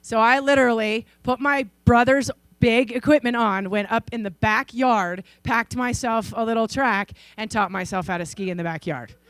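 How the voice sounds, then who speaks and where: A woman in her forties from Idaho giving a conference keynote, telling stories in a lively way and acting out the people in them. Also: fairly high pitch, normal speed, hardly any pauses, dry recording. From Idaho, USA. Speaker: keynote speaker. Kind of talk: storytelling speech. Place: conference stage.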